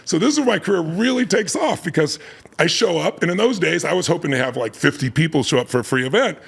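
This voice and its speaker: A man's voice: a little high, lively intonation, fast, vocal fry, breathy edge. A man telling a story emphatically as a guest in a casual conversation, laughing often as he talks.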